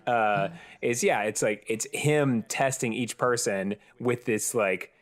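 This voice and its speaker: A man's voice: mid-range voice, slow. A man hosting a podcast in casual chat, rambling and thinking aloud with many fillers. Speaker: podcast host.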